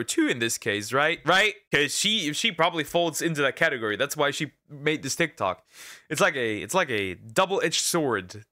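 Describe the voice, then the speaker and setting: A man's voice: a little high, sharp tone, no echo, studio quality. A man giving casual reaction commentary, rambling, repeating himself and restarting his sentences often. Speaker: reaction streamer.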